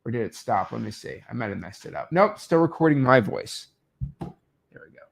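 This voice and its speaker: A man's voice: medium pitch, lively intonation, fairly quick, gravelly. A young man coaching wholesaling in a loose, rambling tutorial, full of fillers and restarts. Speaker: real estate wholesaling coach. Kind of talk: casual screen-recorded tutorial.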